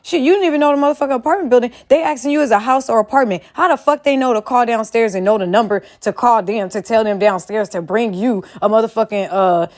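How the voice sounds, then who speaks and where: Woman, vlogger, higher pitch, casual rant, heavy swearing, addresses viewers directly. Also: fast talker, few pauses, darkish tone. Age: adult, a mother. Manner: profane, emphatic, talks straight to viewers.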